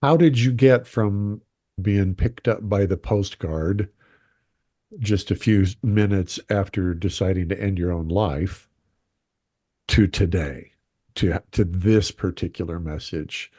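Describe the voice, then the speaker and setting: A man hosting a podcast, asking measured interview questions. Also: low voice, warm tone, no echo, clean studio sound. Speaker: podcast host.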